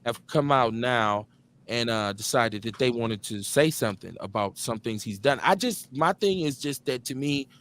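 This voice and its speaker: A man's voice: medium pitch, expressive, moderate pace, a bit bright. A man hosting a live talk show, joking, streetwise and profane in casual banter. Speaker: host.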